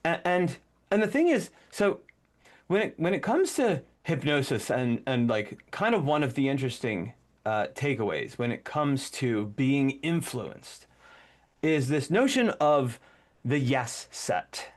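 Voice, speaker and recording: A man's voice: medium pitch, unhurried. A man co-hosting a podcast, chatting casually and animatedly, breaking into acted-out commands as he explains. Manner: animated, acts out commands mid-sentence. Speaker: podcast co-host.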